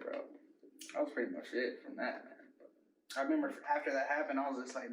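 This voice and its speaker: Telling a sprawling, profane tale in a relaxed interview, a young male rapper and producer leans heavily on "like" and "bro" as fillers. His mid-range voice moves at a moderate pace with many pauses. He's recorded from a distance in a roomy setting, with a faint hiss or hum.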